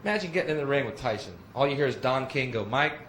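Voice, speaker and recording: A man's voice: medium pitch, lively intonation, very fast. A young man doing a brash, profane live stand-up routine on a club stage, acting out voices as he goes. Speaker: stand-up comedian. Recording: echoey live club with loud audience noise.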